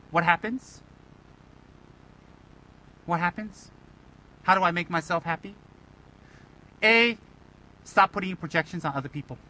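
High, bright-voiced playful Buddhist teacher. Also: male voice, rough recording. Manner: playful, teasing, rhetorical questions. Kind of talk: Dharma talk.

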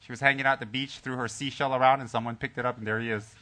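Speaking in a mid-range voice, a Buddhist teacher jokes with his group before easing into a calm, soft story as part of a Dharma teaching. He pauses and restarts a lot along the way.

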